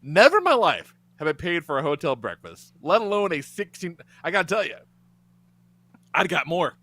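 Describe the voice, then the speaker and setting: Animated, bright-voiced man telling a story. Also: fairly high pitch, normal speed. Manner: animated, laughing, swearing, acts out quotes. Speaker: podcast host. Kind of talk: casual storytelling chat.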